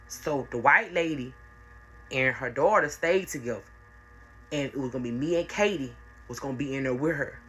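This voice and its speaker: A woman's voice: very deep voice, pushed and bright, slightly rough. A young woman telling a personal story in casual, slangy, repetitive narration. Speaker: storyteller vlogger.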